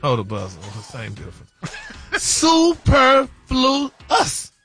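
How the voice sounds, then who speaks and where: A man's voice: fairly high pitch, animated, moderate pace, pushed and bright, soft background music. A man on a radio morning show who chats casually, laughs often and stumbles through spelling a word. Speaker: regular segment host on a radio morning show.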